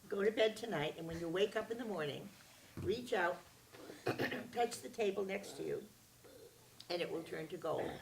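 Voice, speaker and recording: Woman voicing a chill little wish-granter guy, gravelly, a bit distant. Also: mid-range voice, moderate pace, long pauses, noisy background, natural voice. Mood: calm. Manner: calm, instructive. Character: kindly magical little man granting wishes.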